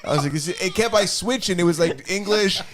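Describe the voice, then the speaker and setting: A man from the Caribbean co-hosting a podcast in casual chat, joking and giving shout-outs. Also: high-pitched, fast. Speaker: podcast co-host.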